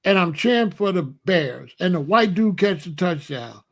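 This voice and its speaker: A man with a slightly higher voice riffs in a loose, comedic monologue. He fires off rhetorical questions and breaks into chuckling asides as he talks. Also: lively intonation, normal speed. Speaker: host.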